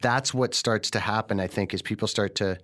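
A man speaks in a casual podcast conversation, his voice sitting a little low. He is frank and earnest, drops swear words freely, and slips into other people's voices when he retells what they said. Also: brisk, fairly bright tone. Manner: candid and earnest, swears freely, acts out quoted speech.

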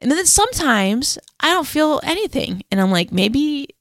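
A woman's voice: high-pitched, sing-song, moderate pace, a bit bright, dry recording, studio quality. A woman co-hosting a casual faith podcast, telling a story in a chatty, rambling way full of "like" and self-deprecating laughs. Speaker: podcast co-host.

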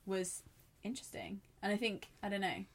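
A woman's voice: medium pitch, fairly even intonation, moderate pace, breathy edge. A young adult woman in a casual book club chat, enthusiastic and often laughing.

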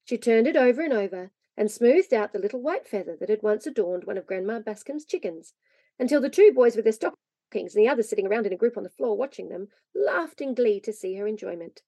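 Expressive woman reading a storybook. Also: fairly high pitch, a little fast, no echo. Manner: lively, expressive narration. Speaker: reader.

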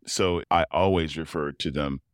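A man's voice: rumbling low, normal speed, dry recording, clean studio sound. A middle-aged man, a professional tuba player, telling personal stories in a casual interview, acting out quoted voices and laughing often. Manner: animated storyteller who acts out quoted voices and laughs often.

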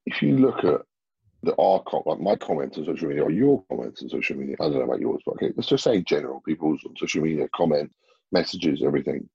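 A man's voice: extremely low pitch, expressive, fast, creaky, mellow, breathy edge, no echo, muffled recording. A man talking as a bodybuilder guest in a casual interview, blunt and swearing freely.

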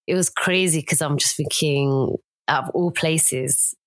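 A woman's voice: low-pitched, a little slow, no echo. A woman co-hosting a podcast in casual chat, easygoing and a bit hesitant as she tells stories. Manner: hesitant, easygoing, many fillers. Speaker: podcast co-host.

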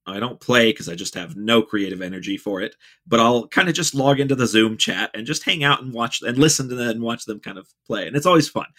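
Relaxed man talking in halting bursts. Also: fairly low pitch. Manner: halting, many fillers and restarts, relaxed. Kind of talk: casual conversation.

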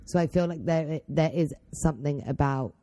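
A woman's voice: sits low, normal speed, mellow. A woman, co-hosting a podcast, thinking aloud in an agreeable, reflective way. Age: 20s. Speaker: podcast co-host. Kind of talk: casual chat.

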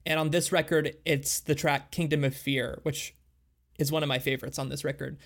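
Guy on a music podcast, a bit high voice, thoughtful, goes on about songs. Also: level tone, normal speed, fairly bright tone. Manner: thoughtful, explains songs at length. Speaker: podcast co-host. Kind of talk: casual music podcast chat.

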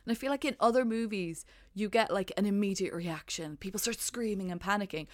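A woman's voice: medium pitch, fairly quick, no echo, clean studio sound. A young woman co-hosting a podcast in casual chat, rambling with hesitant restarts and laughing. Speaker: podcast co-host.

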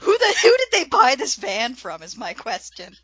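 A woman's voice: high voice, huge pitch swings, normal speed, a bit bright, husky, dry recording, muffled recording. A woman co-hosting a podcast, making wry, sarcastic remarks in casual chat. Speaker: podcast co-host.

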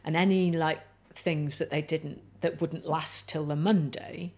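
A woman, a guest chatting over lunch and telling stories in a relaxed, chatty way. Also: low-pitched, measured pace. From North Wales. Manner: chatty storyteller, lots of "like" and "you know". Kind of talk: casual chat over lunch.

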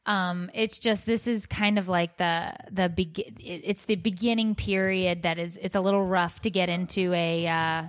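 A woman's voice: lowish voice, fairly even intonation, normal speed, few pauses. A young woman co-hosting a podcast, urging her friend on in an upbeat, pushy way. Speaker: podcast co-host. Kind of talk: casual chat.

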